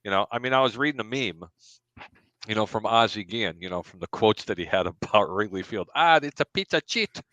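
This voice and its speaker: A man's voice: lowish voice, steady tone, brisk, a bit bright, no echo. A man co-hosting a casual sports talk show, giving blunt, opinionated rants as a Sox fan.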